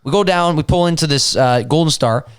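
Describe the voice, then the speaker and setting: Young guy on a podcast going thru a wild story, voice sits kinda high, gets loud when he quotes people yelling. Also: a little fast, clear, resonant tone. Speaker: podcast co-host. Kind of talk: casual storytelling chat.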